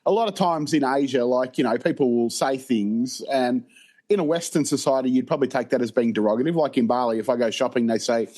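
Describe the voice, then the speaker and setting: A man co-hosting a podcast, chatting casually. His voice sits at an ordinary middle pitch. He wanders through his points with plenty of fillers. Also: quick pace. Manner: relaxed, rambling, many fillers. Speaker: podcast co-host. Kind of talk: casual chat.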